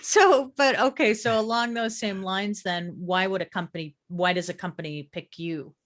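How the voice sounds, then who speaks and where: A woman's voice: medium pitch, normal speed, fairly bright tone. A woman hosting a casual interview, asking questions and affirming often. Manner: attentive, frequent affirming murmurs. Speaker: podcast host.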